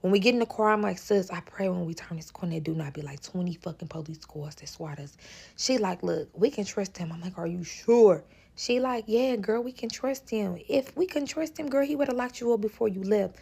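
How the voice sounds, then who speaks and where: A young woman with a St. tells a serialized storytime in an animated, profane way, often addressing listeners as y'all. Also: mid-range voice, fairly quick, vocal fry, breathy edge. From St. Louis, Missouri.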